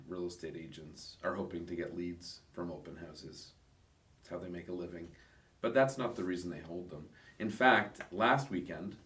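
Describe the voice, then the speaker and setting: Very deep-voiced man, echoey room. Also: fairly bright tone. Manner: explains at length, conversational. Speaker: real estate agent co-host. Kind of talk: casual podcast chat. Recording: echoey room, mic far off.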